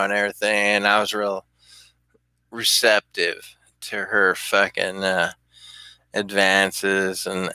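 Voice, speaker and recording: A man's voice: fairly low pitch, pushed and bright, smooth, no room sound. A man casually telling a personal story, rambling and swearing with frequent chuckles. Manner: rambling, profane, chuckling often.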